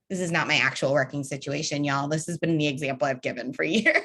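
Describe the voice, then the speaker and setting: A woman's voice: sits low, fairly even intonation, fast, hardly any pauses, sharp tone. A young adult woman leading an online training session, upbeat and conversational, speaking over a video call. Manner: upbeat, conversational, addresses group as y'all.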